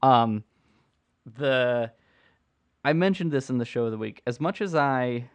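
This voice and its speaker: A man of ordinary middle pitch chats through an unedited livestream, answering viewer questions. He rambles playfully and restarts his sentences often, while reading and typing at his computer. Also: lively intonation, measured pace, clear, resonant tone. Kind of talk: casual unedited livestream chat.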